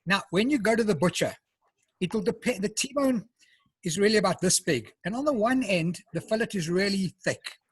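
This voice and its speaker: Husky high-voiced South African man. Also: animated, normal speed, dry recording. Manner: chatty, explains step by step, eats while talking. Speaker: home cook presenting. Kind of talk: casual live cooking demo.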